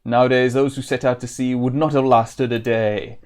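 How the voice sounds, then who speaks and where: A man's voice: medium pitch, expressive, normal speed, darkish tone, lightly acted. A man voicing a grumpy old retired sailor who sells ships. The sailor speaks in archaic English with a vague put-on old-timey accent. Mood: grumbling. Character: gruff old male sailor turned shipwright, scornful.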